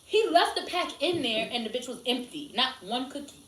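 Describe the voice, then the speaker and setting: A woman co-hosting a podcast, telling animated stories in casual chat and swearing freely. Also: high-pitched, normal speed. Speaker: podcast co-host. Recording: echoey room, mic at a distance.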